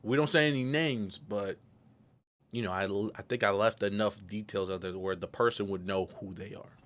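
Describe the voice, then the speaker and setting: A young man with a soft-spoken, earnest, reflective way of talking, often dropping to a near whisper, as he tells a personal confession. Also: on the low side. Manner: earnest and reflective, with pauses and restarts. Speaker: podcaster telling his story.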